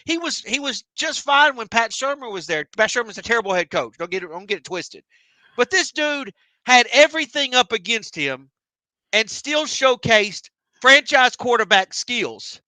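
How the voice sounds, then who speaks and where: A man rants on a podcast, his voice unusually high and bright. His pitch swings widely as he vents with heavy swearing. The sound is close and dry. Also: moderate pace, no room sound. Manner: emotional, animated ranting with heavy profanity. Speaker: podcast co-host. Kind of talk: heated casual chat.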